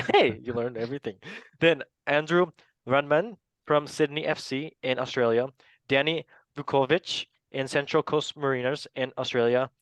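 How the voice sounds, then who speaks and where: A man's voice: medium pitch, moderate pace, no room sound, muffled recording. Playful man reading names, laughing. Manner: playful, laughs often, stumbles over names. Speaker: podcast host. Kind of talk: casual chat.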